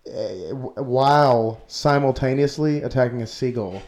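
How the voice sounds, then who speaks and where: A man's voice: medium pitch, a little slow, a little mellow. A man co-hosting a podcast, sharing odd news stories in a laid-back, wisecracking way. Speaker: podcast co-host. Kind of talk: casual podcast chat.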